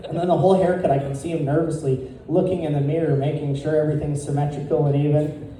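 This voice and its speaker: A male stand-up comedian doing a crude deadpan set, chuckling at his own jokes. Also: on the high side, fast talker. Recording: echoey room, picked up from a distance.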